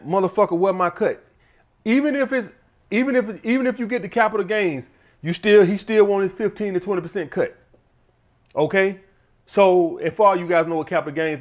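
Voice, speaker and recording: A blunt man talks straight to his viewers in a casual, profane advice monologue, checking in with them again and again. His voice sits a little higher than most men's. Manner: blunt, profane, keeps addressing the audience as guys. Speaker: channel host giving money advice.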